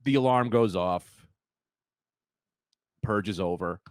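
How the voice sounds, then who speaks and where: A man co-hosting a comedy podcast, telling a rambling, deadpan story with quoted voices. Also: on the low side, slow pace, no room sound, studio quality. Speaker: podcast co-host.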